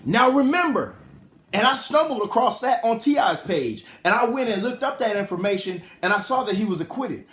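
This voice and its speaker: A man's voice: sits high, moderate pace, reverberant. A man in a casual commentary vlog, talking straight to his viewers in a slangy way, often repeating himself, from a hot room at home. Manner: animated, talks to his viewers and chat directly. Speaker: vlogger.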